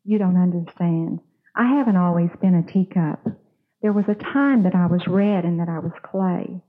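A woman's voice: on the low side, moderate pace, natural voice. A suffering talking teacup, once lumps of clay, pleads through its story as a woman tells it. The voice comes over a tinny, phone-like line. It is a simple storybook figure inside a sermon. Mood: pleading.

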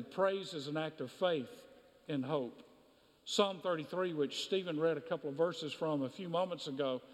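A man preaching a sermon as pastor, emphatic and repetitive, in a church sanctuary. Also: on the high side. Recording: long hall reverb.

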